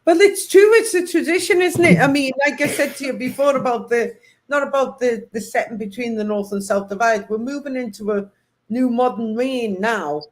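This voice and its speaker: A woman's voice: on the high side, moderate pace. A woman hosting a casual chat, speaking earnestly and moralizing. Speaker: host.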